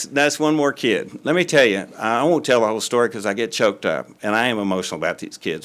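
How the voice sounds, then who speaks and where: Folksy older man, lowish voice. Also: fairly bright tone. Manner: folksy and rambling, with frequent fillers. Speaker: school superintendent. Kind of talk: presentation to a city board. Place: city council meeting room.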